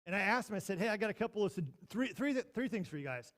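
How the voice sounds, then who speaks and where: A pastor with a high-pitched voice preaches his sermon as a story. He talks in an animated way, rising to loud bursts and then dropping to quiet asides. He speaks from a church sanctuary. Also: racing. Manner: animated, swings from loud to hushed.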